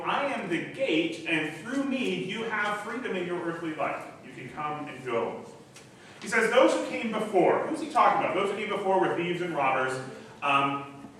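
A man's voice: high voice, pushed and bright, slight background noise. A man preaching a sermon as pastor in a church, teaching in a conversational way with some fillers. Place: church sanctuary. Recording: echoey hall, distant mic.

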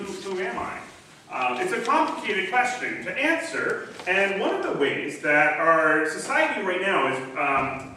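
A male pastor gives a relaxed, conversational sermon with a bright, forceful tone and a fairly high voice. He talks loosely, full of ums and false starts. The sound is very echoey and picked up from a distance in a church hall, with faint hiss behind. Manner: casual, chatty, frequent ums and restarts. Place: church sanctuary.

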